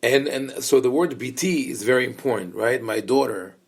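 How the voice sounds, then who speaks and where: Male rabbi giving a study lecture; reflective and explanatory, medium pitch, hesitant and conversational. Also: normal speed, vocal fry, breathy edge. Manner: thoughtful, explanatory, many fillers and restarts; engages listeners with questions. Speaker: rabbi teaching a class.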